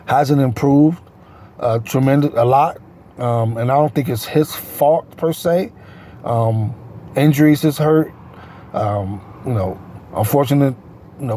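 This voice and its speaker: A man's voice: mid-range voice, warm tone. A man giving casual solo sports talk as a host, rambling and correcting himself with many fillers.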